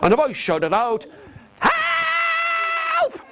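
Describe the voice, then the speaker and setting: A man telling an interactive story to nursery children in a classroom, animated and coaxing, getting them to copy his gestures. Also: high-pitched, moderate pace, heavy background noise. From England. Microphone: video camera. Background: guitar.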